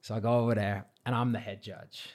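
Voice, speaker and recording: A man's voice: lowish voice, brisk. A man, a podcast guest telling a story in casual chat and acting out the dialogue in it. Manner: animated, acts out quoted dialogue.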